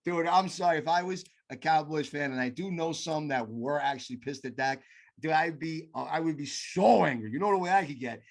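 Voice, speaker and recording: A man co-hosting a sports podcast, ranting in animated, profane casual chat. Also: a little high, brisk, creaky. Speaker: podcast co-host.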